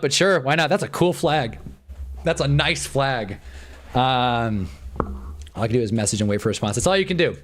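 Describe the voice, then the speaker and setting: A man hosting a livestream in casual chat, thinking aloud, muttering and swearing now and then. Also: medium pitch. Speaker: livestream host. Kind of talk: casual live-stream chat.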